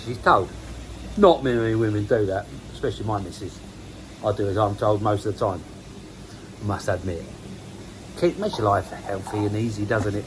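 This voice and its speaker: A man's voice: fairly low pitch, slight background noise, rough recording. A man, chatting casually and rambling on a vlog, self-mocking and swearing casually. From England. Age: 50s. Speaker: koi pond vlogger. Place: outdoors by a garden pond.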